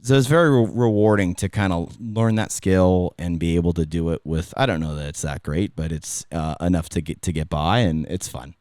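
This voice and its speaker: A man's voice: deep voice, fairly quick, few pauses, darkish tone, no room sound. A middle-aged man with a Californian accent, a former radio host telling stories in a casual podcast chat, rambling and restarting his sentences. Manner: rambling, self-interrupting storyteller.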